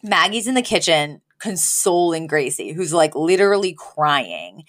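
Animated woman recapping a sitcom. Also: measured pace. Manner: animated, acts out characters' lines with pitch jumps. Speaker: podcast co-host. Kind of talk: casual chat recapping a sitcom episode.

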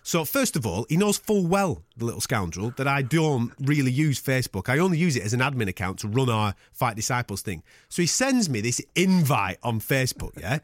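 A man's voice: medium pitch, big pitch swings, a little fast, hardly any pauses, no room sound, studio quality. A man from England hosting a podcast in casual, jokey chat, teasing his co-host.

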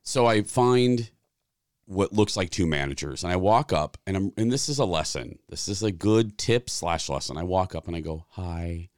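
A man in his forties co-hosting a podcast, telling a story with animated delivery and acted-out dialogue. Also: deep voice, normal speed, no room sound, studio quality. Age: 40s. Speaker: podcast co-host. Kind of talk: casual chat.

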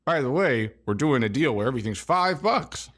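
A man playing an older fast-food founder in improvised comedy, deadpan and full of hesitant fillers. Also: mid-range voice, slightly rough. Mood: deadpan recalling. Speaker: improv guest playing a businessman. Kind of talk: improvised comedy podcast chat.

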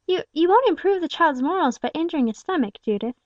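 Timid, anxious woman played by a female narrator for an audiobook; high, quick, pleading voice. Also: lively intonation, no room sound, muffled recording. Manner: pleading, faltering, soft-hearted. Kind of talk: audiobook character reading.

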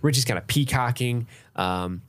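A man's voice: medium pitch, moderate pace. A man co-hosting a film podcast in a casual chat, playfully recapping scenes and acting out the characters. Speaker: podcast co-host.

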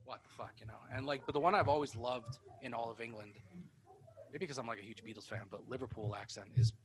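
A man's voice: mid-range voice, noisy background. A man hosting a podcast in casual chat, rambling and swearing offhandedly as he talks. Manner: fast, rambling, swears casually, dips into mock accents. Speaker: podcast host.

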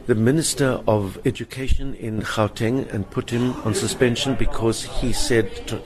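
With a crowd in the background, an older man speaks at normal speed in a mid-range voice with fairly even intonation. This South African stage performer is being interviewed in a hotel lounge, bringing his own stories alive and impersonating the people in them.

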